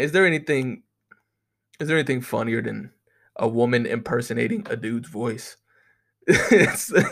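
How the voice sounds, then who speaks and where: A young man talking casually to the camera in a rambling, profane monologue, often laughing. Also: mid-range voice. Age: young adult. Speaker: vlogger.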